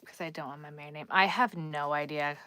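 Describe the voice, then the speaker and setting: A woman's voice: deep voice, steady tone, a little fast, bright, forceful tone, clean tone, no echo. A woman with a Long Island accent hosting a crochet live stream, chatting casually and thinking aloud as she works and reads the chat.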